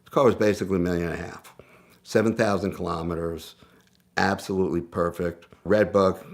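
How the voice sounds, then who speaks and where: Man with a low, gravelly voice for a casual, animated storytelling piece. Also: brisk. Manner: animated, conversational, self-interrupting. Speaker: guest storyteller.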